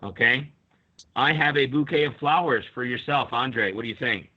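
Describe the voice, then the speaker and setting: A male teacher runs a live online lesson, explaining patiently one step at a time and calling on students. His voice is bright and forceful. The audio comes through a little dull and lo-fi. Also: mid-range voice, moderate pace, breathy edge.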